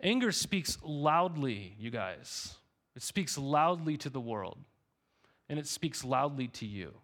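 A pastor in his thirties preaches with a very animated but slow delivery, his mid-range voice a little bright. He keeps it conversational, often checking in with the congregation by repeating "right?".

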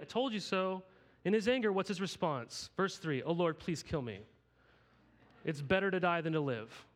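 A man in his thirties preaching in a loose, conversational way, with a voice a little higher than most men's. He keeps checking in with his listeners through quick rhetorical questions. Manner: conversational, animated, asks the audience rhetorical questions. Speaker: pastor. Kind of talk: sermon teaching.

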